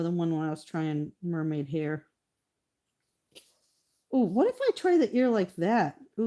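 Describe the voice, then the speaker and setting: Middle-aged woman, slightly low voice, casual livestream artist who chats to her canvas. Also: warm tone. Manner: chatty, talks to her painting and viewers. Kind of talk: casual chat while painting.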